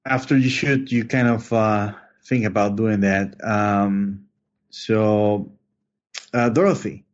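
A man running a tabletop horror game as game master, narrating slowly with many fillers and pauses. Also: lowish voice, steady tone. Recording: dull lo-fi online voice chat.

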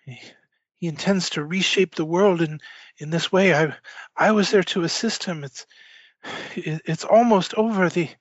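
Man doing a frantic, high-strung aide. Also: normal speed, dry recording, highs cut off. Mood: urgent. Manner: urgent, pleading. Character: frantic male aide with a briefcase, urgent.

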